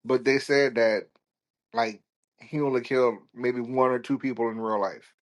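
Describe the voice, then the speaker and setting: A man's voice: mid-range voice, steady tone, moderate pace. A man hosting a solo podcast, talking casually in a rambling, blunt and foul-mouthed way. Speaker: podcast host.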